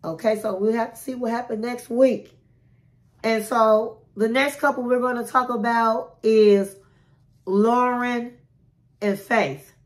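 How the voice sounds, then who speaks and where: A woman's voice: on the high side, steady tone, slow. A chatty woman recapping a reality show in a casual, dramatic way. She acts out what the cast said and keeps calling the listener honey.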